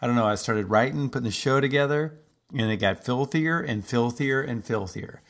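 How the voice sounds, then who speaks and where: A man's voice: mid-range voice, normal speed. Rambling male podcast host. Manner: rambling, chatty, lots of fillers. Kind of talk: casual comedic monologue.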